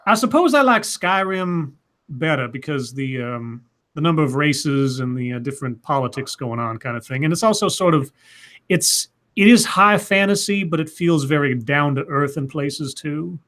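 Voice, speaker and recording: A man's voice: on the high side, animated, normal speed, fairly bright tone. A man co-hosting a casual livestream chat, reading viewer questions aloud in a joking put-on Southern drawl.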